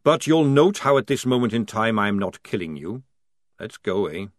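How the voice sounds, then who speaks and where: Male reader voicing a cunning veteran sergeant, gruff and conspiratorial, dry audiobook sound. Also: lowish voice, big pitch swings, normal speed, no room sound. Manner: gruff, conspiratorial, says sir a lot. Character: wily, knowing older male army sergeant.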